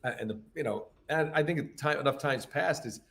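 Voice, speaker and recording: A man guest on a casual live show, telling animated stories with quick asides and quoted voices. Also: a little high, vocal fry. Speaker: guest voice actor. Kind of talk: casual podcast chat.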